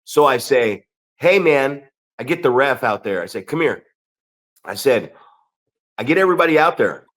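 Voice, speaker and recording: Co-hosting a podcast, a pro wrestler spins a loose, foul-mouthed story, frequently tossing in "right?" to check in. His mid-range voice is a bit bright, lively in intonation, and fairly quick.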